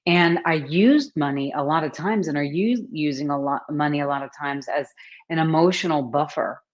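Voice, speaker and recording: A woman hosting a casual live stream, chatting warmly and greeting viewers by name as she talks. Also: low voice, normal speed. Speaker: host, author and coach. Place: at home, book behind her. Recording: slightly dull, lo-fi sound.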